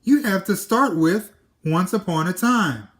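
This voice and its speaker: A man voicing cocky Jack in a children's storybook reading, talking fast and brashly. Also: high-pitched, lively intonation, fairly bright tone, voice pushed up. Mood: protesting. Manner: brash, quick and fussy. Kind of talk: children's storybook read-aloud.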